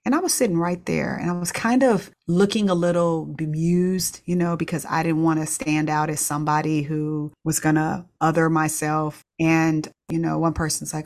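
A woman's voice: deep voice, steady tone, moderate pace, darkish tone. A middle-aged woman, a pediatrician, candidly telling a personal story with laughs and restarts. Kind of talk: reflective storytelling.

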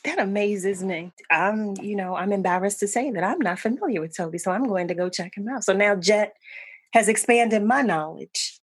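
A woman with a slightly husky, breathy edge, gushing to an old friend and laughing often. Her voice sits mid-range and sounds close and dry. She leans into her affection with warm emphasis. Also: mid-range voice, moderate pace, no room sound. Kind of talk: casual chat between old friends.

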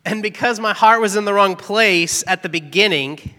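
A man's voice: high-pitched, moderate pace, sharp tone. A man giving an earnest, candid devotional testimony, telling a personal story about his work. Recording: long reverb, echoey hall.

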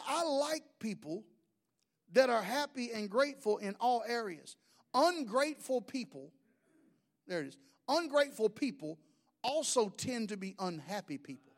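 A man's voice: very high voice, unhurried, pauses often. A middle-aged man, preaching a sermon in a folksy, humorous storytelling way. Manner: folksy, humorous, animated storytelling with mimicked voices. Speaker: pastor.

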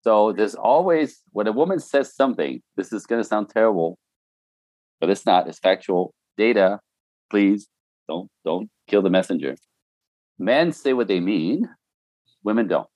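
A man's voice: fairly low pitch, expressive, a little slow, a little mellow, no echo. A middle-aged man talking casually and telling stories, laughing often and mimicking other voices. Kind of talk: casual podcast chat.

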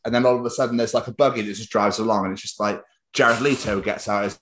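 A man's voice: on the low side, fast talker, a bit bright, slight background noise. A man hosting a podcast in casual, rambling, sweary comic chat. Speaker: podcast host.

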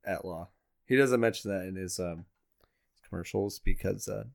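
A young podcast co-host with a low, gravelly voice. He talks in loose, rambling banter full of dry jokes. He sits close to a desk microphone. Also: moderate pace, heavy background noise. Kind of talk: casual banter. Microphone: headphones and desk mic.

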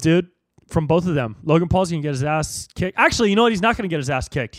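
A young man hosting a solo podcast, ranting in a profane, animated way and jumping into squeaky high voices for jokes. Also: dry recording, studio quality. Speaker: podcast host.

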